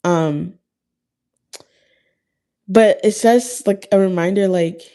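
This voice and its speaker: A young woman vlogger with a mid-range, dark, clear and resonant voice speaks slowly to the camera about faith. She's chatty and heartfelt, using "like" as a filler a lot.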